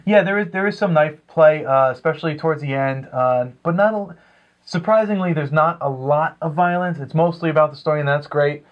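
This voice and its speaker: A man's voice: fairly high pitch, a little fast, muffled recording. A man co-hosting a casual movie review, rambling with lots of fillers and restarts. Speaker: co-host.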